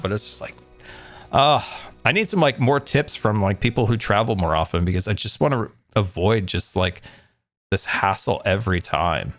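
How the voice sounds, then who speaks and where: Casual male storyteller, lowish voice, rambling and exasperated, faint music under him. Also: moderate pace, a bit bright. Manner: rambling, frequent fillers and restarts, exasperated. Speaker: streamer telling a travel story.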